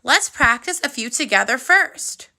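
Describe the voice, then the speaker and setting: Slow, bright-voiced woman teaching first grade. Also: sits high, animated. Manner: slow, clear, encouraging classroom delivery. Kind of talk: video phonics lesson for children.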